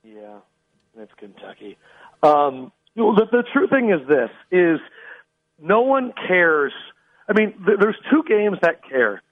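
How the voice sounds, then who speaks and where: A male guest with a high voice performs his sports takes as mock drama, his pitch swinging up and down as he goes. The line sounds dull and dry, with no room around it. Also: very animated, measured pace, no room sound. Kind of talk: theatrical comic storytelling on sports radio.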